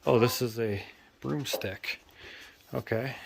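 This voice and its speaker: A man's voice: medium pitch, takes it slowly, creaky, very noisy. A man vlogging casually in his woodworking shop, rambling with lots of fillers and self-deprecating asides.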